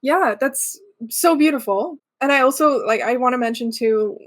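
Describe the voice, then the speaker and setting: A woman's voice: high voice, normal speed. A woman hosting a podcast interview, affirming her guest and steering the questions. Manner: warm, affirming, agreeable interviewer. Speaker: podcast host. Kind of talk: casual conversational interview.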